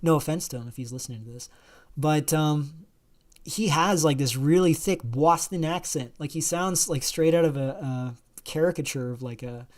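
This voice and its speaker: Hosting a livestream, a man with a higher voice talks at a moderate pace, chatting casually at length and fielding viewer questions. He rambles, with many fillers and restarts.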